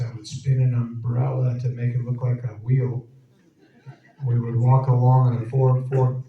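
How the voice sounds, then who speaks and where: A man telling laughing, rambling anecdotes to a live audience in an event hall. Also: mid-range voice. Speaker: actor guest at a Q&A. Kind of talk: casual storytelling on stage. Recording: echoey dull hall sound from far off.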